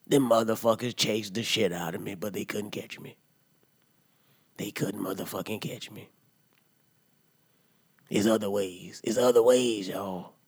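A rowdy drunk uncle holds forth with a husky, breathy voice, as a man puts him on. He rants and swears loudly, then sinks into low asides in a comic monologue. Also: steady tone, measured pace, long pauses, no room sound. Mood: ranting. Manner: loud profane rant, swings to low mutters. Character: rowdy drunk middle-aged uncle ranting. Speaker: comedy podcast character. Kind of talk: comedic monologue.

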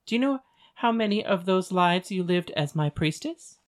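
A calm, ancient goddess speaks with soothing, measured patience, as a voice actor reads her. The voice sits in a medium pitch, as in a storybook audiobook. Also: natural voice. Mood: gentle. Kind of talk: audiobook dialogue reading.

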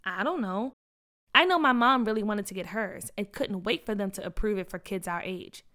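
Woman voicing Tia, a loud, proud schoolgirl. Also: medium pitch, normal speed, voice pushed down, lightly acted. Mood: cheerful.

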